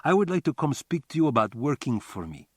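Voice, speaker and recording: An audiobook narrator voices a cagey Cuban man with a Cuban accent who poses as a magician over the phone. The character's phrasing is formal and halting, pitched above the narrator's own voice, very animated yet a little mellow. The recording is dry and close.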